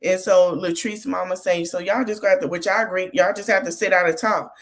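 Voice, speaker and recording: A woman's voice: fairly low pitch, fairly even intonation, brisk. A woman hosting a podcast, recapping a reality show in a casual way and giving motherly advice straight to the people on it. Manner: chatty, gives motherly advice straight to the cast.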